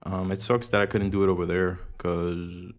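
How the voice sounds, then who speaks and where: A man's voice: sits low, little pitch movement, moderate pace. A young man hosting a casual solo podcast, rambling in laid-back, profane slang. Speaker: podcast host. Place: room at home with audible room echo.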